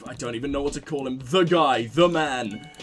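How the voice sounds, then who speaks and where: A man hosting a let's play of a detective game, talking excitably and swearing often between reading lines. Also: mid-range voice, moderate pace, soft background music. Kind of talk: gameplay commentary.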